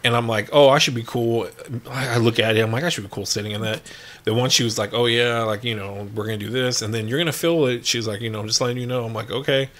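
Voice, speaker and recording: A man's voice: medium pitch, steady tone, quick pace, a bit bright. A man in casual chat, telling a story animatedly, acting out what people said and swearing freely. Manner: storytelling with lots of acted-out quotes and laughs.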